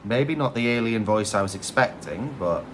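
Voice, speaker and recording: Male reviewer, candid casual reactions, mid-pitched with an animated delivery. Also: normal speed, very noisy. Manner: chatty, thinking aloud, lively and candid. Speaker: Halloween prop reviewer.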